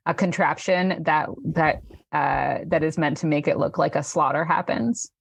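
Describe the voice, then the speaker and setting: A woman narrating a tabletop game as game master, in halting speech with many fillers. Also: deep voice, fairly even intonation, vocal fry, husky, no room sound.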